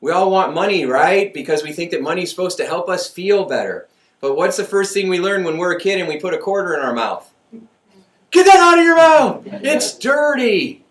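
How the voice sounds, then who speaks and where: A man giving a motivational talk in a chatty, animated way, laughing at his own jokes. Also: high voice, fairly quick. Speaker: motivational speaker. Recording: echoey room, voice from far off.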